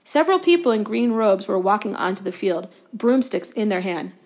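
Brief: woman guest reader, calm steady book narration, occasional stumbles corrected. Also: mid-range voice, moderate pace. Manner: steady storytelling, fillers of self-correction. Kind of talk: reading a novel aloud.

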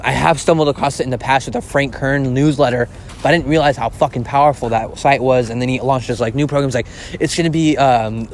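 A man hosting a casual solo podcast, rambling and excitable, swearing often and filling his talk with filler words. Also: mid-range voice, a little hiss or hum. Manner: rambling and profane, heavy use of filler words; excitable, gushing. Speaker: podcast host.

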